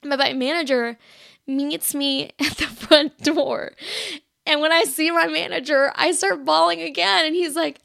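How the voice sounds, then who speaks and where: Young woman, high voice, vocal fry, casual confessional chat, filler-heavy, close dry mic. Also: moderate pace, a bit bright, no echo. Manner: chatty, heavy "like" filler, acts out her own past lines. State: shaky, emotional. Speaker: podcast host.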